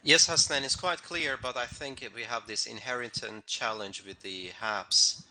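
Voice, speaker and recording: Bright-toned man on a call. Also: medium pitch, animated, measured pace, poor audio. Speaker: workshop participant. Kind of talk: casual remark on a call.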